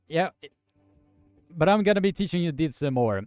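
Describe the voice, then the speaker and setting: A man hosting a live stream, commentating and chatting with viewers in a halting, filler-heavy way. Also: fairly high pitch, darkish tone, no room sound.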